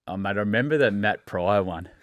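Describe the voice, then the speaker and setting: Middle-aged Australian male co-host, lowish voice, stammery and matey, dry close sound. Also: brisk, dry recording, lo-fi sound. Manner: stammering repeats, hearty and matey. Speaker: podcast co-host. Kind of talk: casual chat.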